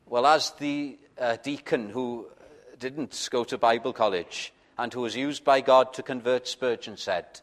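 A man's voice: mid-range voice, fairly even intonation, unhurried. A man preaching an evangelical sermon, pleading with his listeners in questions, stumbling on first words and building to fervent peaks. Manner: stammers on openings.

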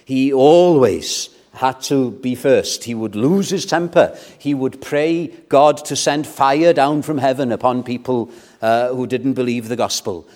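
Male pastor, unhurried sermon delivery, climbs into fervent appeals. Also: medium pitch, darkish tone. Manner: measured, rising to fervent exhortation.

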